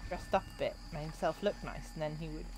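A woman's voice: sits low, fast, background noise. A woman, chatting and joking to herself while streaming a video game. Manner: chatty, jokey, talking to herself. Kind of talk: casual gameplay commentary.

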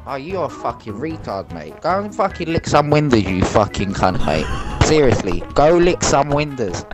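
A man's voice: medium pitch, big pitch swings, normal speed, music in the background. A man ranting and swearing aggressively at another player over game voice chat. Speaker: angry online game player. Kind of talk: heated voice chat.

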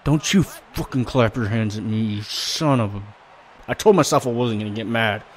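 A man commentating his own baseball video game play casually, joking and swinging from low muttering to sudden loud outbursts. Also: moderate pace. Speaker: gaming commentator.

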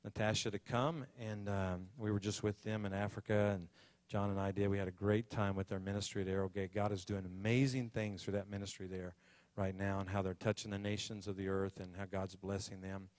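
In a church sanctuary, a man serving as pastor introduces a guest speaker and then prays over her, his fervor rising as he goes. His voice is deep, a little mellow, and level in tone, and he speaks a little fast. There's no room sound in the recording.

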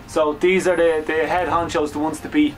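A young Irish man hosting a comedy sketch, chatting quickly as he explains a video game. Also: on the high side, little pitch movement, faint music behind. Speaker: host. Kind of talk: casual gameplay chat.

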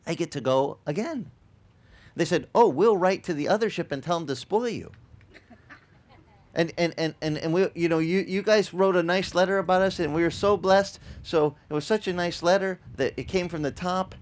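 A middle-aged male pastor preaching in a relaxed, conversational way, acting out the people in his stories. His voice sits a bit high for a man and swings widely in pitch as he tells them. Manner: animated, acts out quoted voices, repeats words. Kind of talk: conversational sermon with storytelling. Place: church in Hawaii.

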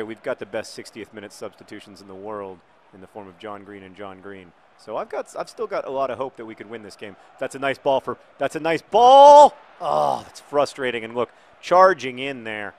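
Excitable middle-aged man playing a game. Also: mid-range voice, fairly quick, slight background noise. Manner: excitable, jokey, shouts at big moments. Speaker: video game commentator. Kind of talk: playing a football video game with live commentary.

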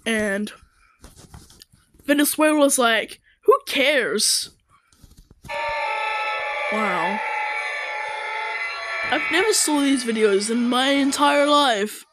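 A young woman giving casual reaction commentary to animated videos, exclaiming and firing questions at the characters on screen. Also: fairly high pitch, slow, pauses often, background noise.

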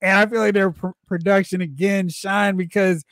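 A man co-hosting a review podcast, talking casually with lots of animated play-by-play. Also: normal speed, vocal fry, no room sound, clean studio sound. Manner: animated, acts out quotes with big pitch jumps; enthusiastic, a lot of rambling play-by-play.

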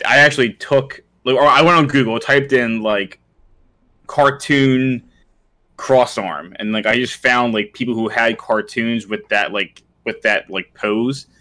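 A man co-hosting a podcast in casual chat, rambling as he pitches ideas, full of likes and restarts. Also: steady tone, measured pace, sharp tone. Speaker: podcast co-host.

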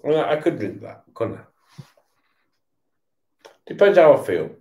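A man's voice: fairly high pitch, big pitch swings, a little slow, darkish tone, reverberant. A tipsy man, swearing and stammering through a casual rant while he watches football. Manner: swearing, repetitive, stammering restarts. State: tipsy from beer.

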